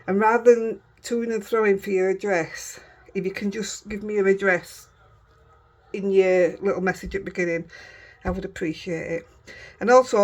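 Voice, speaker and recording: Yorkshire woman, craft vlogger, casual rambling chat, breaks off and restarts often. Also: medium pitch. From Yorkshire, England. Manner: chatty, rambling, self-interrupting.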